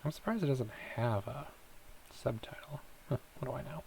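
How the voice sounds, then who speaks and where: A man's voice: medium pitch, normal speed, creaky, darkish tone, a little hiss or hum. A man casually commenting on his gameplay, muttering asides to himself and trailing into whispers. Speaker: let's play host.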